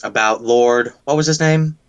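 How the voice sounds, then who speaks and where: Guy at a tabletop game, middle pitch, keeps asking questions. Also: moderate pace, gravelly, clear, resonant tone, muffled recording. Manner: inquisitive, prodding with questions. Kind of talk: in-character questioning.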